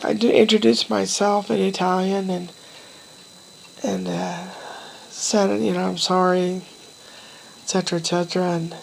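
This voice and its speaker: A middle-aged woman vlogging casually, telling a rambling personal story in a meandering, wistful way with pauses and trailing sighs. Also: mid-range voice, vocal fry, rough recording.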